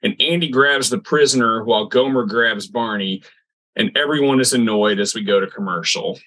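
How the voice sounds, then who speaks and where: Bright-voiced man recapping an episode. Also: lowish voice, poor audio. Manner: rambling, halting recaps with restarts. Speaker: podcast co-host. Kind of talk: casual chat recapping a TV episode.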